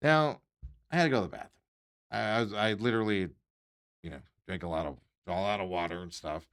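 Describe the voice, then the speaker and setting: A man hosting a podcast talks fairly quickly in a low voice. He gives an animated, exasperated, casual account of an everyday run-in, putting on the voices of the others as he quotes them.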